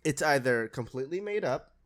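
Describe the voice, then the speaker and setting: A man's voice: medium pitch, animated, fairly quick, fairly bright tone. A man co-hosting a podcast in casual chat, sarcastic, swearing freely and laughing often. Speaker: podcast co-host.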